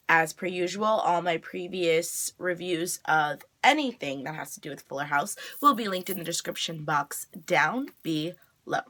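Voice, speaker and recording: Bright-voiced chatty woman vlogger. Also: lowish voice. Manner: chatty, filler-heavy retelling with frequent "like". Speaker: TV review vlogger. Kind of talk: casual episode recap.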